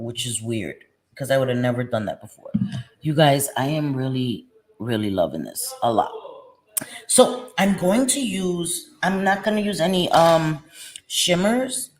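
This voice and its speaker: A woman's voice: rumbling low, a little mellow. Woman in her forties, beauty vlogger, chatty and playful, easy laughter. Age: 40s. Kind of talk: casual chat while doing makeup.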